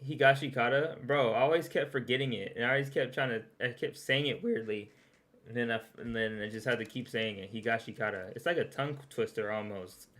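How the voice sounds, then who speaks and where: A man's voice: mid-range voice, brisk, a bit bright. Laughing, chatty young man reacting. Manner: chatty, laughs often, repeats words and restarts. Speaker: streamer reacting to a recap video. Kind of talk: casual reaction stream.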